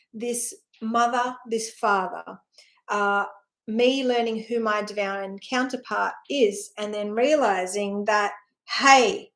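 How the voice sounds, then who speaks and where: In a medium-pitched, slightly bright voice, a spiritual teacher gives a personal talk that rambles warmly through her story. She sighs as she goes, stays earnest and emotional, and often checks in with "right?".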